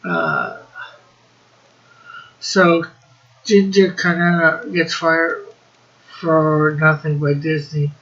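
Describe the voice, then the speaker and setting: A man's voice: a little high, lively intonation, very slow, long pauses, a bit bright, lo-fi sound. A man co-hosting a casual live stream, chatting and reading out viewer comments in a drawling way. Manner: reads out chat messages, drawling.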